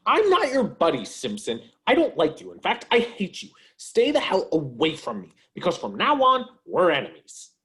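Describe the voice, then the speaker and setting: Man doing high-pitched fed-up cartoon worker, uptight, swings all over. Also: huge pitch swings, normal speed, hardly any pauses, fairly bright tone, exaggerated voice. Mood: hostile. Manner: exasperated, indignant. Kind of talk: amateur table read.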